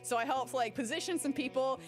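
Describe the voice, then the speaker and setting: A fairly high-voiced woman chatting through a game playthrough, rambling from thought to thought and swearing freely. Her storytelling is animated, with sudden leaps upward in pitch. Game music plays clearly behind her. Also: brisk. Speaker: gaming YouTuber. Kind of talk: casual chat during a game playthrough.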